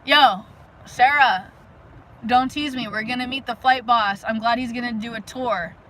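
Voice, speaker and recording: A woman hosting a casual live stream outdoors, talking energetically and rambling to her viewers with lots of fillers and sudden loud bursts. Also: on the high side, unhurried, rough recording. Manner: frequent "like" fillers. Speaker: livestream host. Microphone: phone live stream.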